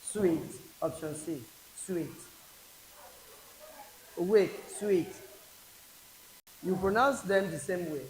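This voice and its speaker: A man with a Nigerian accent teaching an exam prep English class, slowly repeating each word aloud for drilling. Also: high voice. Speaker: English tutor. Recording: echoey classroom with faint hiss.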